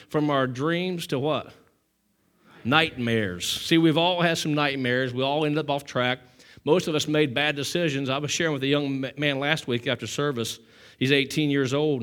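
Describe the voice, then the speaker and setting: A preacher with a notably high, bright and forceful male voice delivers a sermon to his congregation in church. He tells his story with strong emphasis, swinging from loud declarations to hushed, intimate lines, and keeps asking the room for amens and praise. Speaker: pastor.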